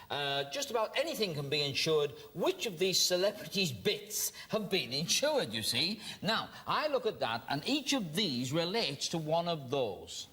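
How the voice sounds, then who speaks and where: A man's voice: fairly high pitch, fairly bright tone, breathy edge. An older English man hosting a game show, chatty and jokey, explaining the rules and then urging a contestant on against the clock. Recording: TV studio with music and audience.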